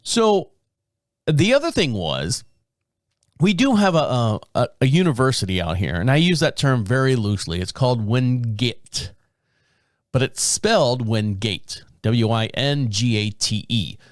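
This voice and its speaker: A man's voice: medium pitch, sing-song, measured pace, no echo, studio quality. A man in his fifties hosting a casual solo podcast, rambling and amused at himself, with a lot of chuckles and restarts. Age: 50s. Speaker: podcast host.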